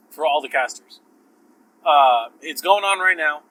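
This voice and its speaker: Bright-voiced man rambling about card games. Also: on the high side, expressive, a little slow, no room sound, rough recording. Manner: rambling, profane, self-interrupting. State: sore throat. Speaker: podcast host. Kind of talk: casual solo podcast talk.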